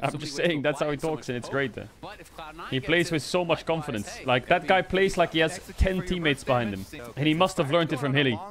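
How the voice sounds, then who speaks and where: Male streamer, high voice, excitable live reaction, frequent laughter and swearing. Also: a little fast.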